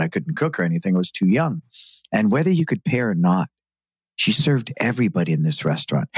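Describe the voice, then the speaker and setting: Man, middle-aged, deep, slightly husky, dry close sound, earnest reflective interview talk. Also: darkish tone, no echo. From San Francisco. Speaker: guest, martial arts school owner. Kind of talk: podcast interview.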